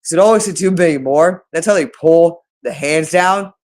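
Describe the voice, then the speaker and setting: Man, somewhat high-pitched voice, agitated rambling monologue, accusatory, repeats phrases over and over. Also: normal speed, darkish tone.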